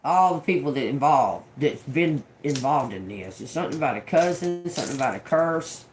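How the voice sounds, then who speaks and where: A man's voice: fairly high pitch, lively intonation, a little fast, soft background music. A man doing a casual tarot reading, rambling and cursing, often repeating single words as they come to him. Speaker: tarot reader.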